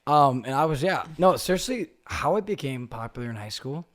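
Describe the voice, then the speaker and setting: A man's voice: medium pitch, expressive, a little fast. A young man guesting on a podcast, telling stories in casual chat, swearing a lot and acting out quotes in different voices.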